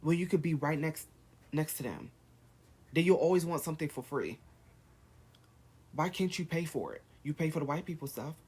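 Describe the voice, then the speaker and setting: A man's voice: on the high side, lively intonation, moderate pace, long pauses, darkish tone, husky. A man vlogging, firing off heated rhetorical questions in a rant to camera. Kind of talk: ranting to camera.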